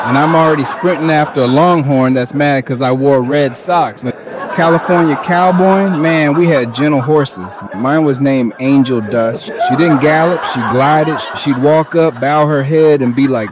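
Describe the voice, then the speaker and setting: A man's voice: on the high side, moderate pace. Young man, stand-up comic, folksy cowboy talk, laughing punchlines, noisy recording. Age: young adult. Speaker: stand-up comedian. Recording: noisy background.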